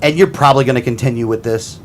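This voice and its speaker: A man's voice: mid-range voice, quick pace. A man hosting a casual political talk show, ranting in a heated, combative way and often repeating himself.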